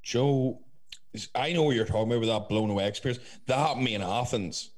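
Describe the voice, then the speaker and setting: A man's voice: mid-range voice, quick pace. A young man, chatting casually in a rambling way with lots of fillers and swearing. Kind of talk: casual chat.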